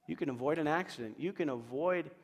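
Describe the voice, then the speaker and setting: A man preaching a sermon in an animated way, acting out inner voices and laughing now and then. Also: a little high, quick pace, long reverb tail. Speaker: pastor.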